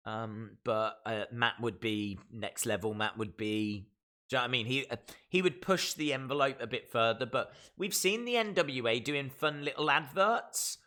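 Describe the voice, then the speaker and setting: A man's voice: mid-range voice, sharp tone. A man with a Black Country accent from the West Midlands, hosting a wrestling live stream in casual, opinionated chat, reading out viewer comments. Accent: Black Country English. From West Midlands, England. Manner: chatty and opinionated, with frequent fillers.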